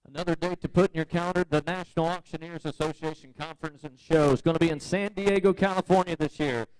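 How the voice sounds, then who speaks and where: A man's voice: fairly high pitch, fairly even intonation, fast, darkish tone, smooth, rough recording. A man announcing at an auction competition, introducing contestants and sponsors in an upbeat way. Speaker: event announcer. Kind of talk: event announcements.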